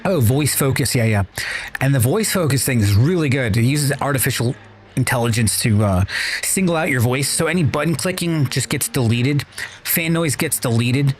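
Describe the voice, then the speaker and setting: A man's voice: mid-range voice, animated, normal speed, a little hiss or hum. A man streaming a video game, chatting casually with his viewers, rambling and swearing freely. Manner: rambling, profane, talks to chat. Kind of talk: casual chat while gaming.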